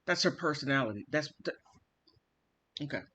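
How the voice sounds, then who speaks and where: A man vlogging, telling a family story in an animated, theatrical way and acting out the quotes. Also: on the high side, normal speed, husky. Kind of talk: casual storytelling monologue.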